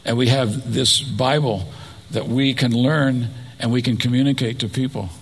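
A man preaching a sermon, his voice gravelly with a husky edge. He asks his listeners questions and adds personal asides as he goes. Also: medium pitch, fairly even intonation, moderate pace.

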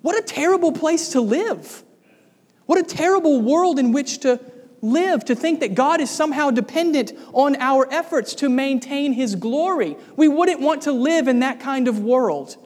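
A man with a notably high voice preaching a sermon, his words trailing off into the long reverb of a large hall. He talks emphatically and asks the congregation rhetorical questions. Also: lively intonation, a little slow, a little mellow.

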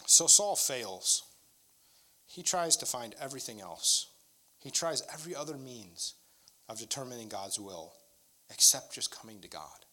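A man's voice: mid-range voice, lively intonation, measured pace, bright, forceful tone. A middle-aged male pastor preaching a sermon in a candid, conversational storytelling way.

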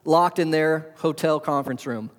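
A man preaching a sermon as pastor, asking rhetorical questions and swinging between loud and soft. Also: a little high, moderate pace. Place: church hall. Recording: long hall reverb.

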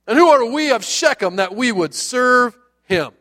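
A man's voice: extremely high pitch, lively intonation, a little slow, voice pushed up, exaggerated voice. A man voicing a boastful, drunken man who talks big about taking down a ruler. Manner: loud, brash bragging.

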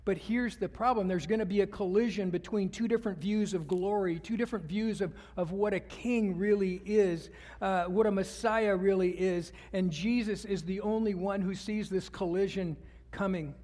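Man, pastor, preaching, asks congregation questions, high-pitched, long reverb. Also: fairly even intonation, moderate pace, a little mellow. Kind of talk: sermon.

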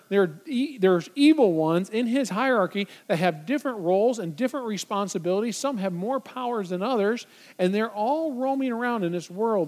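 A male pastor preaching a sermon, emphatic, asking the congregation rhetorical questions. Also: high-pitched.

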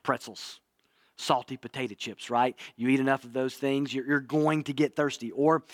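A man's voice: mid-range voice, level tone, moderate pace, no room sound. A man preaching a sermon in an earnest way, often repeating himself and asking his listeners "right?". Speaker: pastor. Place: church.

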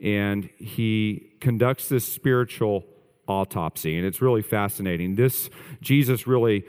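A man's voice: on the low side, unhurried, darkish tone, smooth, long reverb tail. A male pastor preaching a sermon earnestly, stressing points through repetition.

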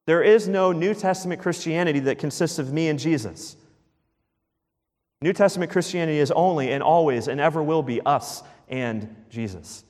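A man preaching a sermon as pastor, emphatic, repeating key phrases and dropping to a hush at the ends of lines. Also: on the high side, moderate pace, in a large hall.

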